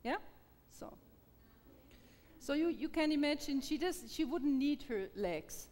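Teaching in a reverberant hall, a Feldenkrais trainer with a high, slightly mellow female voice and lively intonation works through an interpreter at a live workshop. Encouraging and quick to laugh, she speaks haltingly and repeats words.

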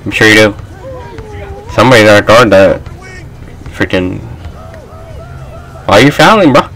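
A young man giving loose, trash-talking commentary while he plays a basketball video game, often shouting at his teammates and the game. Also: fairly low pitch, lively intonation, moderate pace, some chatter behind, rough recording. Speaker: gaming channel host. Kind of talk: live gameplay commentary.

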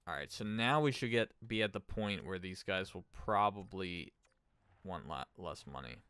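A man's voice: deep voice, lively intonation, moderate pace, fairly bright tone, clear, resonant tone, no room sound. A man giving casual gameplay commentary as a streamer, thinking aloud and chatting with his viewers. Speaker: gaming streamer.

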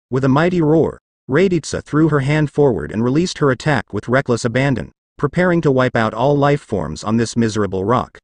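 Guy narrating fanfic, really lively up-and-down delivery, dry close mic. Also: medium pitch, no echo. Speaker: fan fiction narrator. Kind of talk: dramatic story narration.

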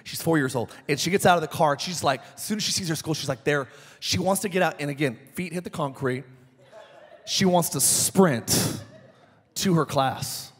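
A man in his thirties preaching a sermon as pastor, telling animated stories with shouted peaks. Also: on the high side, moderate pace, breathy edge. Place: church sanctuary. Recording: church hall reverb.

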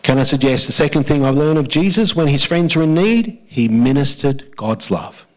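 An Australian man preaching a church sermon as pastor, speaking emphatically, slowing down and repeating key phrases, and leading the congregation in saying lines back. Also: on the high side, expressive, low-quality recording.

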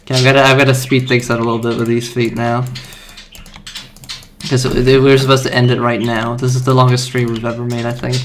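A man's voice: medium pitch, brisk. A man casually chatting on a livestream while he animates, talking half to himself. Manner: relaxed, mumbling to himself while working. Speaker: animator and stream host. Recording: noisy home stream with keyboard clicks.

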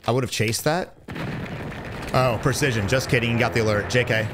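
A young man giving blunt, profane gameplay commentary as a streamer, breaking into loud excited bursts. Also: medium pitch, fairly quick, noisy background. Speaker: gaming streamer.

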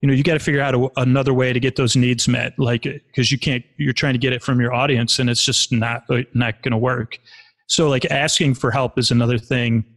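A man's voice: mid-range voice, flat delivery, a little fast, fairly bright tone. A man in his forties telling stories candidly in a casual, rambling way, with many restarts and fillers, as a podcast guest. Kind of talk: casual conversational storytelling.

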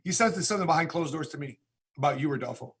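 A man's voice: fairly high pitch, fast, a bit bright, breathy edge. A man hosting a podcast, talking in a conversational way with hesitant fillers. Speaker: podcast host. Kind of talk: casual podcast talk.

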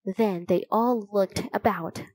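A woman reading a children's chapter book aloud, telling it slowly and clearly. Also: mid-range voice, darkish tone, no room sound, poor audio. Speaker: storybook narrator.

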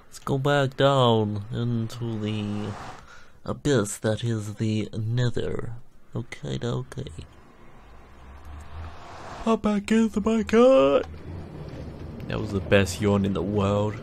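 Young male gamer, slow and gravelly, rambling let's-play commentary, faint hiss behind. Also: on the low side. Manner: relaxed rambling commentary, just woken up. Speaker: gaming YouTuber. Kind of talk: casual Minecraft let's play.

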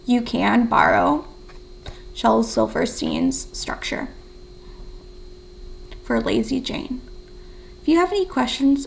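A young woman teaching a writing lesson from home, her voice slow and unhurried with a strong gravelly fry. She sits a little high for a woman's voice and thinks aloud as she writes, encouraging her students. A faint hiss of background noise runs under her. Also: lively intonation, rough recording. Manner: counts syllables in a soft whisper.

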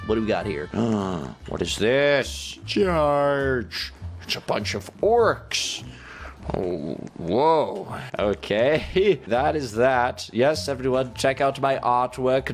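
A young man giving casual commentary as he plays a game, excitable and swinging from loud shouts to quiet muttering. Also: medium pitch. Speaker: gaming YouTuber.

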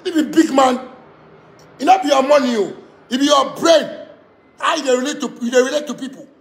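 Ghanaian man, angry rant, high raspy voice, echoey room, shouty and repetitive. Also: fairly quick. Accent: Ghanaian Pidgin English. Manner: heated, repetitive, swings from shouting to muttering. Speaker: musician ranting to camera.

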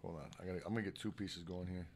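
A man's voice: sits low, fairly even intonation, racing. A middle-aged man from Michigan co-hosting a podcast, telling stories in a rambling, profane way. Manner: profane, rambling storytelling with lots of "like". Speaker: podcast co-host. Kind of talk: casual chat.

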